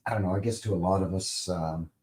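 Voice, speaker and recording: Commenting on old TV clips in a casual livestream, a man in his fifties who hosts the channel meanders along with lots of fillers and tosses in wry jokes. He speaks unhurriedly in a fairly low voice, steady and somewhat dark in tone.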